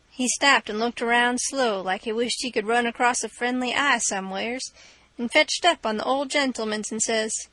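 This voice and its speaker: A woman reads an audiobook aloud in a steady, folksy storytelling manner. Her voice is high and bright, recorded dry and close with no room sound. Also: normal speed, no room sound, low-quality recording. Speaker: audiobook narrator. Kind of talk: scripted narration.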